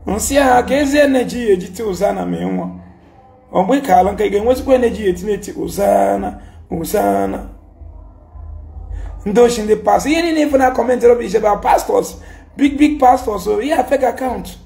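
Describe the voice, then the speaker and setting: Scolding Nigerian man with a gravelly voice. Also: high voice, fast, dark tone. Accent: Nigerian, Igbo. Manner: mixing Igbo and English, repetitive, scolding. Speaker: commentator. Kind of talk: heated social media rant.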